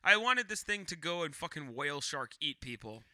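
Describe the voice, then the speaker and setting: Brash male co-host, brilliant bright tone, swears freely, slips into goofy impressions. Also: fairly high pitch, big pitch swings, brisk, dry recording. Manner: profane, acts out silly voices. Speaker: podcast co-host. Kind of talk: casual crude banter.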